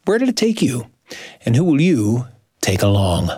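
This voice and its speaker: A man's voice: mid-range voice, huge pitch swings, normal speed, warm tone, husky, no echo, studio quality. A man hosting a storytelling program, reflecting on a memory and introducing the next teller. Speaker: radio show host.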